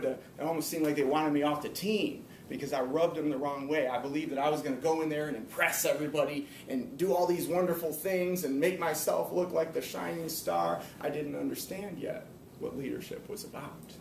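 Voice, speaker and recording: A man giving a personal, earnest motivational talk to a live audience, slowing down to stress his main points. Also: fairly even intonation, gravelly. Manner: earnest, emphatic, slows down to stress key points. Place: hall or room before an audience. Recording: echoey room, speaker far from mic, faint rumble.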